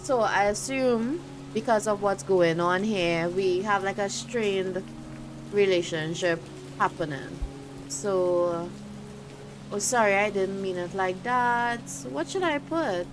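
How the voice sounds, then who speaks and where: A woman commenting on a story game as she plays, musing aloud over which choice to pick. She talks slowly at an average pitch. Game music plays clearly behind her voice. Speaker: game streamer. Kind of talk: let's play commentary.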